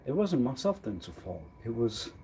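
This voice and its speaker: A man on a live stream rambling in a disjointed monologue, arguing back and forth with himself and repeating words, swinging from quiet mutters to loud exclamations. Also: medium pitch, very animated, moderate pace, vocal fry, slight background noise. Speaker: livestreamer.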